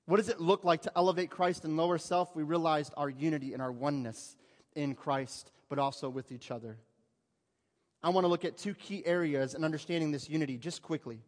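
A man preaching a sermon to a church congregation, talking conversationally and asking the listeners rhetorical questions. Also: fairly high pitch. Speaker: pastor. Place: church sanctuary. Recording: long reverb of a church hall.

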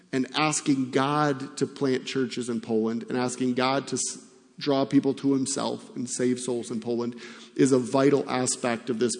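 Middle-aged male pastor, earnest conversational sermon, mid-pitched, church reverb. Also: creaky, darkish tone. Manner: earnest, conversational preaching with fillers. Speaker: missionary pastor. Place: church sanctuary.

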